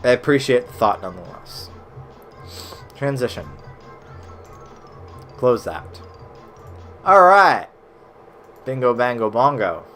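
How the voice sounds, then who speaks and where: An American man casually commenting while playing old browser games for his stream chat, swearing and reacting loudly as he plays. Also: medium pitch, big pitch swings, slow, pauses often, soft background music. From United States.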